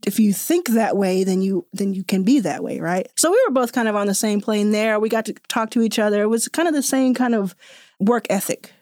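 A woman's voice: medium pitch, expressive, a little fast, darkish tone, dry recording. Woman podcast host, teasing and emphatic, mid-range voice, dry recording. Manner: upbeat, teasing, emphatic repeats. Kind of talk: casual interview chat.

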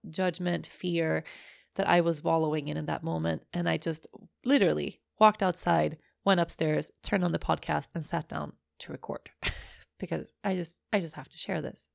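Gravelly-voiced woman, candid podcast host. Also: deep voice, fairly even intonation, moderate pace, no echo, clean studio sound. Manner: candid and emotional, swears freely. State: teary, recently crying. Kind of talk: emotional personal podcast monologue.

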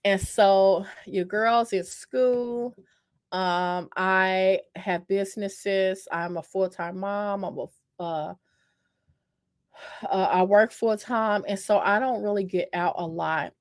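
A woman's voice: medium pitch, steady tone, takes it slowly, dry recording. Chatty woman telling a story, dry sound. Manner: chatty and self-mocking, addresses listeners as "y'all"; talks with many fillers and repeats. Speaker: vlogger telling a dating story. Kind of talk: casual storytelling to camera.

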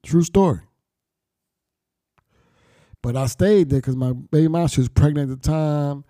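A man's voice: fairly high pitch, a little slow, warm tone, dry recording, studio quality. Blunt, profane middle-aged man. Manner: blunt, profane street slang, reflective. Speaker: storyteller recounting his past. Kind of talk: candid personal storytelling.

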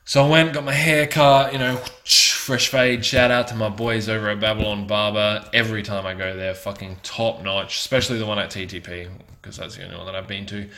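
A man's voice: fairly low pitch, fairly even intonation, a little fast, hardly any pauses, sharp tone. A man in his twenties hosting a casual solo podcast, rambling and profane. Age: 20s. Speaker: podcast host.

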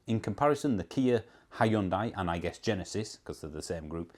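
A man's voice: deep voice, animated, a little fast, few pauses, a little mellow. A man with a Yorkshire accent, talking casually in a vlog as a car reviewer, wry and sarcastic while he reads out and answers comments. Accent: Yorkshire English. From Yorkshire, England.

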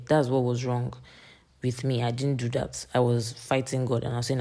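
A woman's voice: rumbling low, flat delivery, moderate pace, warm tone. A woman in her late teens hosts a faith podcast, talking earnestly in a rambling way with many fillers. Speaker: podcast host. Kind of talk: faith encouragement podcast monologue.

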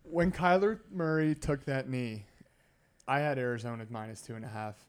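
A man's voice: medium pitch, normal speed, a little hiss or hum. A man co-hosting a sports betting podcast, telling stories in casual banter and acting out movie scenes. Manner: storytelling, animated retellings of movie scenes. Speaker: podcast co-host.

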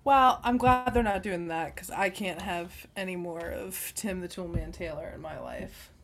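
A woman's voice: lowish voice, moderate pace, gravelly, soft background music. A woman co-hosting a podcast, trading teasing banter and laughing often. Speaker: podcast co-host. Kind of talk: casual chat.

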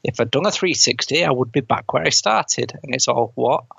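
A man's voice: mid-range voice, lively intonation, brisk, gravelly, a bit bright, husky, no room sound. A man co-hosting a film review podcast, casually retelling scenes with frequent laughs and quoted lines. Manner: laughs often while recounting scenes, quotes lines in put-on voices. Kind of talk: casual chat, retelling a plot. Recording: dull, dry close mic.

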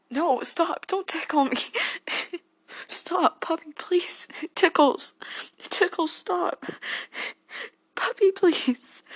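A woman voicing a gentle, goofy teenage boy hero who speaks as an affectionate boyfriend in a role-play audio, soft-spoken and prone to giggles. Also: mid-range voice, vocal fry, husky, exaggerated voice. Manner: soft-spoken and tender, breaking into giggles when tickled.

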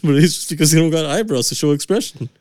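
A man's voice: on the high side, lively intonation, fast talker, a little mellow, no echo, studio quality. A young man trading crude jokes as a podcast co-host, laughing often and calling his friend "fool". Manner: laughs a lot, slangy, says "fool". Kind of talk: crude casual banter.

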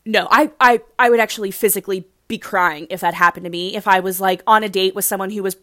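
A woman's voice: mid-range voice, steady tone, fast talker, bright, forceful tone, no room sound, studio quality. A young woman casually recapping a dating show, gushing and rambling with lots of "like". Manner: gushing, rambling, heavy use of "like".

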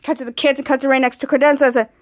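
Woman podcast host, high voice; casual scene-by-scene recap, heavy on "cut to", reads the dialogue aloud. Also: little pitch movement, rapid-fire. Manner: narrates scene by scene, repeating "cut to" and reading characters' lines aloud.

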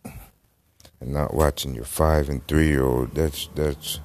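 A man's voice: rumbling low, steady tone, slow pace, darkish tone, slight background noise. A middle-aged man hosting a casual solo podcast, rambling and swearing freely, trailing off into fillers. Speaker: podcast host. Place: Florida.

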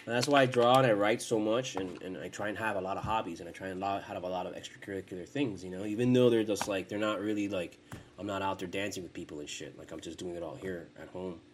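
A young man with a fairly low voice rambles through a casual podcast monologue at home. He swears constantly and starts his sentences over and over. A faint hiss of background noise runs under the recording. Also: fast. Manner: profane, rambling, frequent restarts. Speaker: podcast host.

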